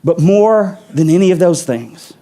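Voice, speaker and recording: Pastor, male, high voice, animated storyteller who acts out the quotes in a sermon. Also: unhurried.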